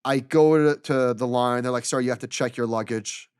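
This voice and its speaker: A man's voice: medium pitch, normal speed, clear, resonant tone, dry recording, studio quality. Exasperated man telling a story. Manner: animated, exasperated retelling with quoted dialogue. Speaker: podcast co-host. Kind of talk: casual storytelling chat.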